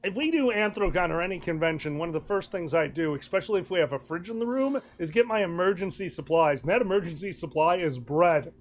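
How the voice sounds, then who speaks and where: A man hosting a live stream, telling a funny story in an animated way and laughing often. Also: sits high, quick pace, few pauses. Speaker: streaming show host. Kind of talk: casual storytelling chat.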